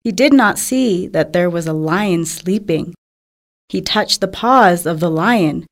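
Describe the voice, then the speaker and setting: A woman narrating a children's fable in a clear, simple storybook manner. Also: on the low side, animated, takes it slowly.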